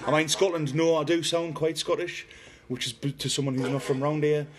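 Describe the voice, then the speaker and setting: A man's voice: on the high side, flat delivery, brisk, crowd noise. A middle-aged man from Newcastle with a Geordie accent, chatting casually on a paranormal livestream, reading viewer comments and talking to a spirit box. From Newcastle, northeast England.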